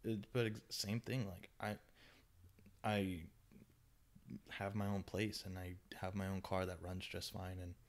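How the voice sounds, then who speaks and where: A young man hosting a podcast, telling a story in casual chat, animated and swinging between loud bursts and hushed asides. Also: low-pitched, unhurried, long pauses. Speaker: podcast host.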